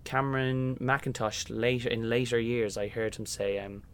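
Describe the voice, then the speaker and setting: Irish guy chatting about his stage days, lively storyteller, does little voices. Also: medium pitch, moderate pace, smooth. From Ireland. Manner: animated, acts out voices in anecdotes. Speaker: musical theatre performer. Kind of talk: casual storytelling interview.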